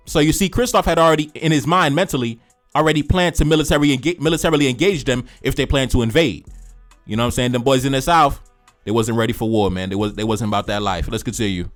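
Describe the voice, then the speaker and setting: A man reading a historical document aloud, breaking off for animated, slangy asides and repeating phrases for emphasis. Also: medium pitch, fast talker, faint music behind. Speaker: history commentator.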